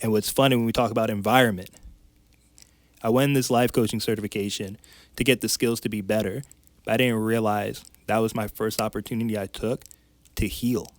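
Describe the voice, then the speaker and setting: A man speaking as a podcast guest and life coach, telling a personal story in a candid, emotional way, with quick restarts. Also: lowish voice, steady tone, no room sound.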